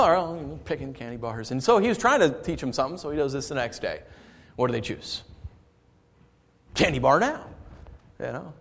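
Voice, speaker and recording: A man preaching a sermon as pastor, shifting into lively storytelling and asking his congregation for responses. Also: mid-range voice, moderate pace, creaky, long pauses. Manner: conversational preaching with lively storytelling and audience asides. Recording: long reverb of a large hall.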